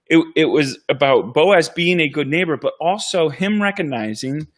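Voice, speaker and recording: A man pastor in a casual church update chat, talking in a reflective, halting way with frequent restarts. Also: fairly high pitch, expressive. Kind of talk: casual conversation.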